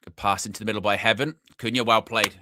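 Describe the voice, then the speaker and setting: A young man hosting a live football watchalong, chatty and excitable, shouting when his team scores. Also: fairly low pitch, quick pace, very noisy. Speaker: fan watchalong host.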